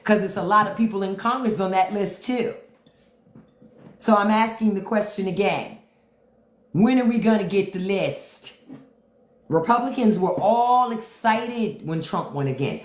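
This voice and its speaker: Using AAVE, a woman on a livestream gives unfiltered commentary, blunt and taunting, and repeats her question to the commenters. She speaks a little slowly in a mid-range voice, and a roomy echo sits on her mic.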